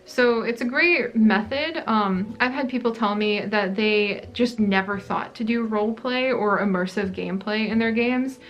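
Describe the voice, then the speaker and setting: A woman's voice: medium pitch, measured pace, few pauses, a bit bright, dull audio, a little hiss or hum. A woman hosting a gaming channel, chatting casually through a Q&A vlog in a rambling, friendly way. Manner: chatty, rambling, many "like" fillers.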